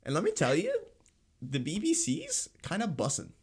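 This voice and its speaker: Animated and quick to laugh, this young podcast co-host spins stories in casual conversation, doing voices for the characters. He speaks at a normal speed with a somewhat high voice that has a breathy edge.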